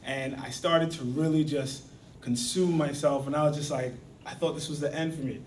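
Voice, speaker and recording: A man's voice: a little high, fairly even intonation, moderate pace, slight background noise. A man giving a storytelling speech at a speaking club, acting out the voices of the people in his tale. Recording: echoey hall from far off.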